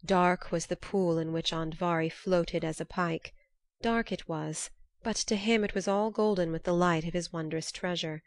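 A woman reads an old myth aloud in a measured, unhurried way. Her voice sits fairly low, and the sound is dry and close with no room around it. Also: fairly even intonation, no echo. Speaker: narrator. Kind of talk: storybook narration.

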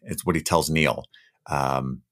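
Deep-voiced man recapping a movie casually. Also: fairly even intonation, slow, fairly bright tone. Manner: recaps scenes, acting out lines in joking voices. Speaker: podcast co-host. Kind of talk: casual film recap chat.

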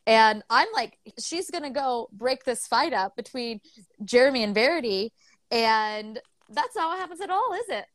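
A woman co-hosting a casual book podcast, retelling the story with animated voices for the characters and casual swearing. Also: a little high, moderate pace, dry recording. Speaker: podcast co-host.

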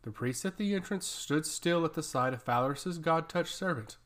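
A man narrating a fantasy story in a steady, even storytelling way. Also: on the high side, normal speed. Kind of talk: scripted fantasy audiobook narration.

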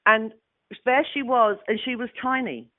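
A woman in her sixties with a London Cockney accent, telling animated stories with laughs as a guest actress. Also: fairly high pitch, normal speed, no room sound. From London, England. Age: 60s. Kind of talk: casual anecdote. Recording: tinny phone-like audio.

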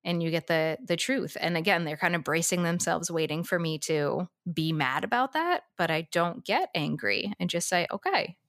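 A woman with a fairly low voice talks through a classroom story in a calm, matter-of-fact way, as a teacher would. The sound is dry and close, with no room around it. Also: normal speed, hardly any pauses, no echo. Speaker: Montessori teacher and podcast co-host. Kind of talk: casual podcast discussion.

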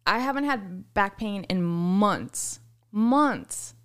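A woman's voice: medium pitch, lively intonation, slow pace, clear, resonant tone. A woman co-hosting a podcast in casual chat, hesitant, restarting her sentences and giggling. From Los Angeles. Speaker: podcast co-host.

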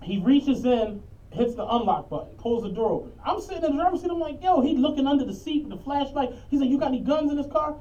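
A man's voice: extremely high pitch, animated, fast, warm tone. Philly man, podcast co-host, easygoing, a bit profane, far-off lo-fi recording. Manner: laid-back, profane, laughing storyteller. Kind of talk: casual storytelling chat. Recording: distant, dull lo-fi mic.

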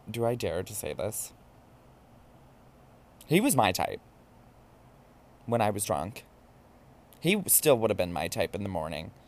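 Campy low-voiced man telling stories. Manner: campy and animated, mimics voices in quotes. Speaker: podcast host. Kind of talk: casual storytelling monologue. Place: New York.

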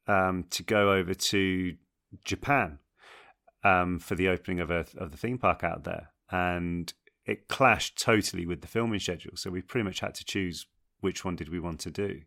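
A man's voice: low-pitched, creaky, a bit bright. An English man in his thirties, an actor guest chatting casually and at length in an interview, laughing often.

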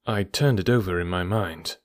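A man narrating a classic story as an audiobook in a steady, even storytelling manner. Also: low-pitched, moderate pace, dry recording, studio quality.

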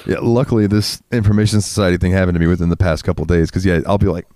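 A man's voice: deep voice, fairly even intonation, very fast, warm tone, dry recording, studio quality. A man co-hosting a podcast in loose, crude, rambling chat, laughing often and a little stoned. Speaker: podcast co-host. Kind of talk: casual chat.

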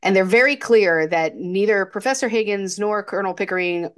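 A woman's voice: medium pitch, a little fast, smooth. Chatty woman with lots of fillers. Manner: chatty, laughing, many fillers and restarts. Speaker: podcast co-host. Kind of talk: casual film chat.

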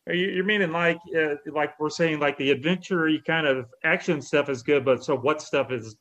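A man's voice: on the high side, normal speed, a bit bright, dull audio. A man in a casual panel chat who jokes, acts out his examples and fills his talk with "you know" and "I mean.".

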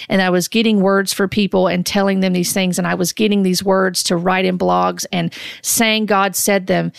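A middle-aged woman hosting a critical commentary on prophecy videos, speaking earnestly and deliberately, often restarting her sentences. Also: medium pitch, gravelly, no echo. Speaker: host.

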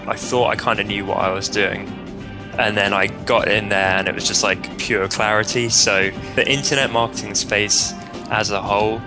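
Laid-back British man, lower voice. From Britain. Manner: laid-back, laughs easily, lots of "like". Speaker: guest in a testimonial. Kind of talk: casual testimonial chat.

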